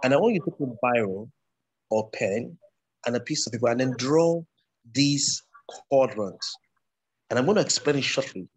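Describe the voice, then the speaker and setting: A man's voice: medium pitch, expressive, moderate pace, slightly rough. A man teaching public speaking in an online class, explaining step by step and repeating himself with frequent restarts.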